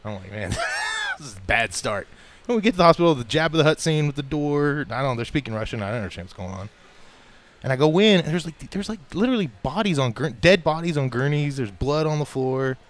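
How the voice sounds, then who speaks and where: An American man telling a long story as a radio show guest, animated and laughing often as he acts out the voices of people in it. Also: fairly high pitch, fast, slight background noise. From United States. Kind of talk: casual storytelling.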